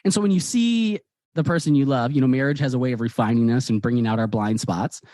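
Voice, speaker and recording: A man, a guest author, telling personal stories in a lively conversational way and acting out the dialogue. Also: medium pitch, fast talker, no room sound, clean studio sound. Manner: animated, acts out quoted dialogue. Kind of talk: conversational storytelling.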